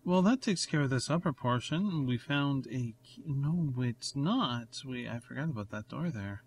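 A man's voice: medium pitch, expressive, normal speed. A man casually commenting on his gameplay, thinking aloud in a rambling, self-mocking way. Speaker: let's play host. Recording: noisy recording with clicks.

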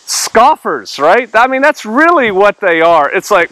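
A man's voice: high voice, very animated, measured pace, hardly any pauses, pushed and bright, poor audio. A male pastor giving a casual Bible teaching, reading verses aloud and explaining them in a conversational way.

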